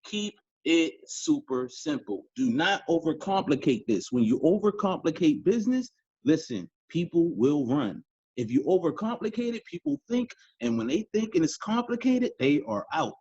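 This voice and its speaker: Guy coaching his sales team, husky voice that swings way up and down, preachy, says y'all a lot, dull dry audio. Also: a little high, big pitch swings, moderate pace, a little mellow, no echo. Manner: preachy, emphatic, repeats key lines, addresses listeners as y'all. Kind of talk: motivational business training talk.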